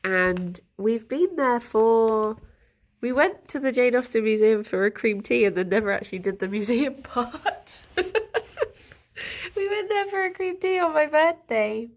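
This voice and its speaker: A woman's voice: a little high, expressive, measured pace. A young woman chatting casually to her livestream audience, giggling often and breaking off to talk to her pet rabbits at home. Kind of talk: casual chat to a live audience.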